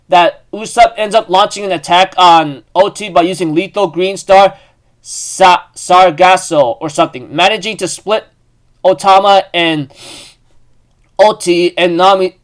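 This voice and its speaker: A young man with a notably high voice recaps a comic chapter in a loose, casual way. He rambles, restarts sentences and leans on "like, um" fillers. It comes across as an easygoing fan chat. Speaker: manga recap host.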